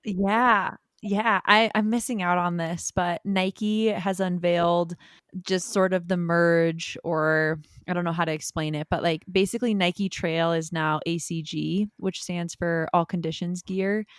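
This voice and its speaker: A woman co-hosting a podcast in casual chat, her voice lower than most and clean and resonant. The recording is dry and close. She chimes in with short agreeing remarks and explains things with some hesitation. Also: steady tone, unhurried, clear, resonant tone, dry recording. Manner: brief supportive interjections, hesitant when explaining. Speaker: podcast co-host and sponsored trail runner.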